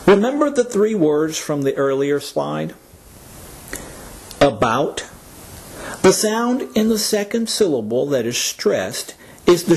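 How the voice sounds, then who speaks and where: A man with a North American accent teaching English word stress, speaking deliberately and stressing words for learners to repeat. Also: fairly high pitch, creaky, darkish tone, a little hiss or hum. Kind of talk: slow scripted lesson narration.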